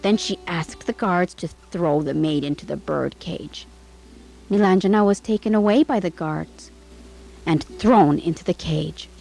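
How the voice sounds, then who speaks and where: Woman storyteller, bedtime tale, slow and measured, faint music underneath. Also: on the low side, gravelly, dark tone, poor audio.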